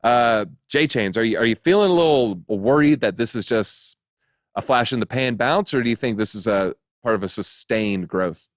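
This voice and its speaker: A man's voice: medium pitch, normal speed, no room sound. A man hosts a crypto news show in a loose, joking, rambling way, full of fillers and asides. His voice sits mid-range and sounds dry and close to the mic, with no room around it. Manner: chatty, jokey, rambling with many fillers. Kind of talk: casual chat.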